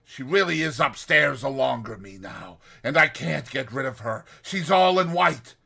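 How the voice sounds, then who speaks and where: A man's voice: mid-range voice, animated, normal speed, creaky, sharp tone, slightly rough, full character voice. A man voicing a terrified, raving dying man who sees a ghost, crying out in frantic pleas. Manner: frantic, pleading cries.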